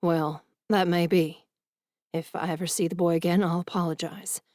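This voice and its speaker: A woman voicing an angry, protective middle-aged father who booms and then softens. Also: flat delivery, normal speed, dry recording, studio quality, close to an everyday voice. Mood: stern. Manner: booming, then soothing.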